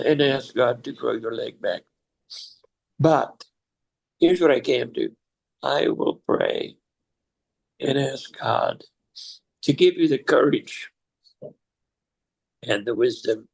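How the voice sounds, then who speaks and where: Gravelly older man telling a story. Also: mid-range voice. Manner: reflective, chokes up and laughs through tears. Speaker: father sharing life lessons. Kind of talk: emotional storytelling to his son.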